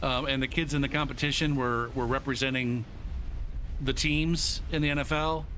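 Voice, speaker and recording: A man's voice: medium pitch, moderate pace, slight background noise. A man streaming a game live, telling a story with lots of swearing and laughter. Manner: profane, animated, laughs often. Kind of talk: live gameplay commentary and storytelling.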